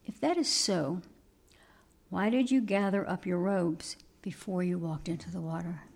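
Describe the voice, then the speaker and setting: A woman voicing a calm, faithful nun with a matter-of-fact, gently wry manner while telling a sermon story. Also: on the low side, unhurried, creaky, breathy edge, heavily acted. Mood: gentle.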